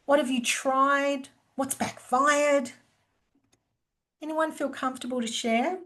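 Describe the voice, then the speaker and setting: A woman presenting a workplace skills webinar, teaching in a lively way and acting out quoted lines of dialogue. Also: high-pitched, slow pace.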